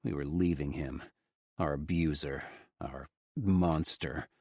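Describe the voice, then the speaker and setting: Slow, deep-voiced male audiobook narrator. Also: steady tone, husky, dry recording, clean studio sound. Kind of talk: first-person audiobook narration.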